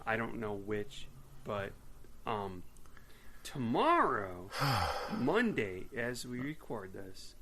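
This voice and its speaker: A man's voice: fairly low pitch, very animated, very slow, long pauses, background noise. A man in his forties co-hosting a podcast, chatting casually and rambling with lots of ums and laughter. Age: 40s. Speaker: podcast co-host. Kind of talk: casual chat.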